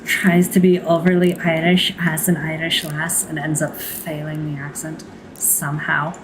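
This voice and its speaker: A woman's voice: sits low, little pitch movement, unhurried, a crowd in the background, low-quality recording. A woman in casual banter while streaming, sarcastic and teasing, swearing freely.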